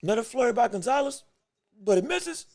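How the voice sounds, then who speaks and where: A man calling a fight blow by blow on his own livestream, excited and repetitive, restarting his phrases, with the hiccups and eating as he talks. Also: very high-pitched, a little fast, dry recording, studio quality. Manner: repeats himself, restarts phrases, eats and talks at once. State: has the hiccups. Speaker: podcast host giving live fight commentary.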